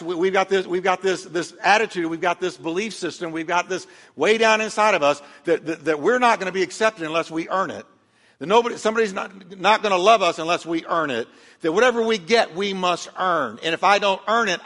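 A man's voice: high voice, a little fast, fairly bright tone, in a large hall, some chatter behind. A man preaching a sermon as pastor, emphatic and calling on the congregation to respond.

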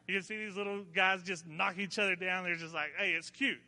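Folksy high-voiced preacher in a reverberant church. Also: male voice, steady tone, brisk, pushed and bright. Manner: folksy storytelling preacher, rising to emphatic. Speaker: pastor. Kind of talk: sermon.

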